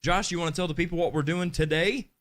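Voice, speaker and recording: A man's voice: on the high side, steady tone, quick pace, a bit bright. A man co-hosting a live podcast, chatting casually and reading viewer comments aloud in an upbeat way. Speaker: podcast co-host.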